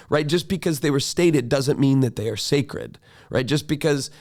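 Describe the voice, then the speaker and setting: Male teacher-host, mid-pitched, chatty reflective monologue, acts out dialogue. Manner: animated, acts out quoted dialogue with rising pitch; conversational, frequent "right?" and "like".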